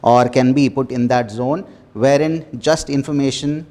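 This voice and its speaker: A man leading a small self-development workshop, talking earnestly with repeated phrases and soft laughs. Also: medium pitch, fairly even intonation, measured pace. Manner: earnest, repetitive, laughs softly between phrases. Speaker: workshop facilitator. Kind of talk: motivational workshop talk.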